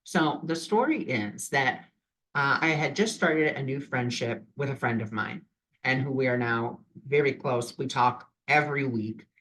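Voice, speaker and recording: A man with a middle-pitched voice talks straight to his viewers in an easygoing vlog. He sounds earnest and reflective. His phrasing wanders, full of "like" and "you know" as he thinks aloud. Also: a little slow, a bit bright. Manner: earnest, loose, with many fillers. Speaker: vlogger sharing spiritual advice. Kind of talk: casual reflective vlog talk.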